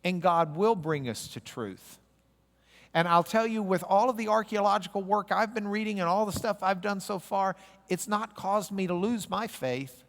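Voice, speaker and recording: Male Bible teacher, animated and playful, slightly high voice, hall reverb. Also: normal speed. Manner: jokey, animated teaching with audience call-and-response. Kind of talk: classroom lecture. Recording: echoey hall recording.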